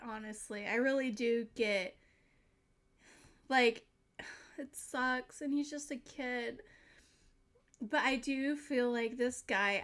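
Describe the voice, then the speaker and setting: A woman's voice: fairly high pitch, a bit bright. A young woman reacting to a show in casual commentary, emotional, teary and swearing freely. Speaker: reaction video host.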